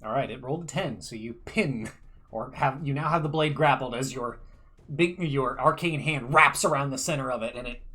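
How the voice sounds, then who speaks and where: A man's voice: mid-range voice, moderate pace, pushed and bright, breathy edge. A man narrating and running a tabletop role-playing game as game master.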